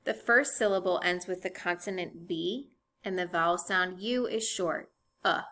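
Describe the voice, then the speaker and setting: A woman teacher giving a recorded phonics lesson, speaking clearly and spelling words out letter by letter. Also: on the low side, normal speed, fairly bright tone.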